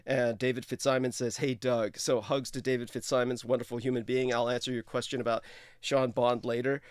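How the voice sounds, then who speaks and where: A man's voice: little pitch movement, brisk, clear, resonant tone, no room sound, clean studio sound. Effusive man hosting a livestream. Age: 30s. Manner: effusive, hesitant with fillers, sudden high exclamations. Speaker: show host. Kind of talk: casual livestream talk.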